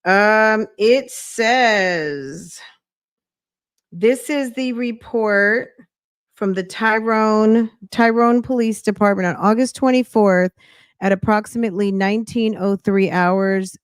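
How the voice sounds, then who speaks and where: A woman's voice: mid-range voice, takes it slowly, clear, resonant tone, no room sound, studio quality. A woman hosting a casual live-stream reaction chat, greeting viewers by name and thinking aloud as she reads.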